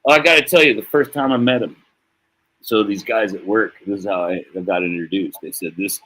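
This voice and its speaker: Husky low-voiced American man rambling. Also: fairly quick, fairly bright tone, rough recording. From United States. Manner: heartfelt, profane and rambling, with laughs. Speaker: streamer talking to his viewers. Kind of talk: casual rambling monologue.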